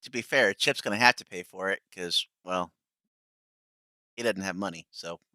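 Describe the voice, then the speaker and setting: A man's voice: low-pitched, moderate pace, pushed and bright, no room sound, clean studio sound. A man hosting a live stream in casual, rambling chat, full of fillers and chuckles. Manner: rambling, laughing, many fillers. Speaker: streamer host.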